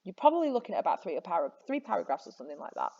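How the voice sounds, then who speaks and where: A woman's voice: on the low side, very animated, very fast, gravelly, warm tone, breathy edge. A woman teacher talking through a lesson in a chatty, encouraging way, often stopping to correct herself. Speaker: English teacher. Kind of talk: recorded classroom lesson. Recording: slightly dull lo-fi audio.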